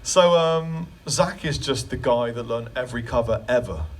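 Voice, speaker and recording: A man's voice: medium pitch, moderate pace, far from the mic. A man leading a guitar clinic in a music store, answering questions in a chatty, joking way. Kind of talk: live clinic Q&A storytelling.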